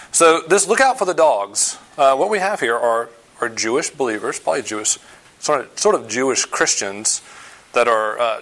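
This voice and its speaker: A man delivers a sermon at a mid pitch that sits right in the middle for men. He talks it through conversationally and stops on fillers as he explains scripture. He leans hard on his main points. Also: a bit bright. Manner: conversational preaching with frequent fillers. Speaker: pastor.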